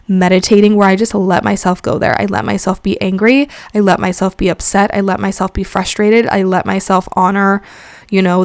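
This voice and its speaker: A woman's voice: mid-range voice, no echo, studio quality. A young adult woman hosting a solo podcast, talking candidly and emotionally, peppered with swearing and "like" fillers. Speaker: podcast host. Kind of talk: solo reflective podcast talk.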